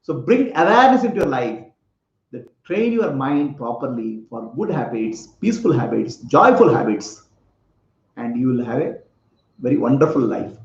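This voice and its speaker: A man's voice: mid-range voice, very animated, normal speed. A man giving a spiritual talk, telling a parable, asking his listeners questions and often laughing. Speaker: spiritual teacher. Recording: echoey room, slightly dull lo-fi sound.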